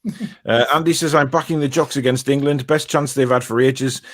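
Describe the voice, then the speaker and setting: A man hosts a laid-back football chat, reading out viewer comments in a mid-pitched voice. He teases his mates and laughs between messages. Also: steady tone, fast. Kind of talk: casual football banter.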